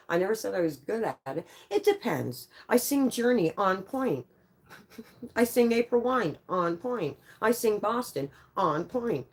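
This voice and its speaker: A woman's voice: mid-range voice, big pitch swings, measured pace, husky. A woman livestreaming, telling casual stories full of swearing and laughing often through her words. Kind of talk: casual storytelling on a live stream.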